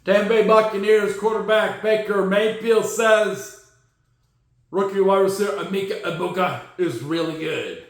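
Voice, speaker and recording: A man with a high voice talks football news in a loose, sarcastic way, jumping from loud jabs to muttered asides. His voice rings around a very echoey room. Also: moderate pace. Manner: sarcastic, joking, swings between loud outbursts and low mutters. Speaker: podcast host. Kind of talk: casual sports commentary.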